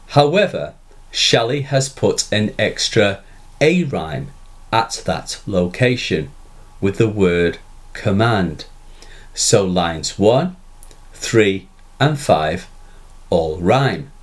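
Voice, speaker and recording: A man narrating a scripted literature lesson, delivering it in a measured, deliberate way and stressing the quoted lines. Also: deep voice. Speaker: literature teacher.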